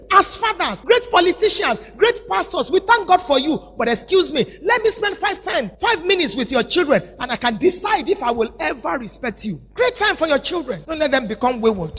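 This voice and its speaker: A woman in her fifties with a Nigerian accent, preaching a sermon with emphatic rhetorical questions that rise to shouts. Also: sits high. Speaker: pastor. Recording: long hall reverb with faint music.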